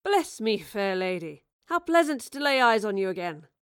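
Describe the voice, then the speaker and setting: A woman's voice: medium pitch, fast, natural voice. A woman doing a courtly Elizabethan playwright. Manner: pleasant, courtly, gentle.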